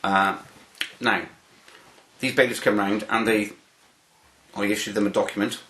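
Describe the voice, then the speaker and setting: A man, interviewed and telling anecdotes in an animated way, often repeating words as he starts a phrase. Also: fairly low pitch, measured pace, reverberant, slight background noise. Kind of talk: anecdotal storytelling.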